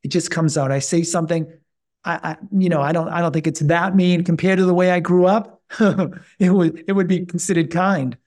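A man talking as a podcast guest, emphatic and animated, often repeating himself, and his voice jumps up when he tells a story. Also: fairly high pitch, a little fast. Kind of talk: conversational interview.

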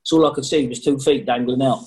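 A man chats over a video call with a cheeky, rambling manner. He jokes his way through answers in a middle-pitched voice, casual and full of fillers. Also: steady tone, fast talker, darkish tone, poor audio. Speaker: boxer interviewee. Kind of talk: casual remote interview.

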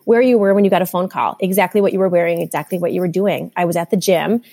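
A woman's voice: fairly low pitch, steady tone, fast, warm tone. A woman in her thirties, a mother and podcast guest, telling her story candidly and animatedly in a casual chat.

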